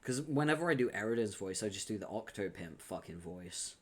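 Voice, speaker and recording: On a live stream, a man with a lowish voice reads a webcomic aloud in a brisk, animated way. He chats with viewers, laughs often and swears casually.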